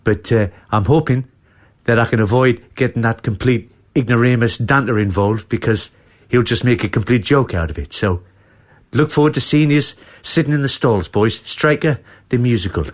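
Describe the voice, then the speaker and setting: A man doing a comic impression of a sacked football manager, making a rambling, deadpan mock announcement full of hesitations. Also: medium pitch, normal speed, lightly acted. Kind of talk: comic impression on sports radio.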